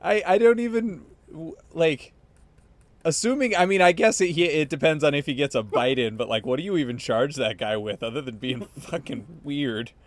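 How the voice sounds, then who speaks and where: A man's voice: a little high, moderate pace. A man in a casual comedic chat, riffing animatedly and swearing freely.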